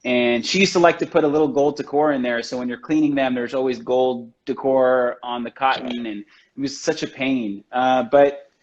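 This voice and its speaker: A man's voice: mid-range voice, fairly even intonation, moderate pace. A man on a video call, telling stories about his work in a loose, chatty way and filling his talk with "like" and "you know". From United States. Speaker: chocolatier guest. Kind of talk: casual storytelling chat. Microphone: video call from home. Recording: dull lo-fi livestream audio.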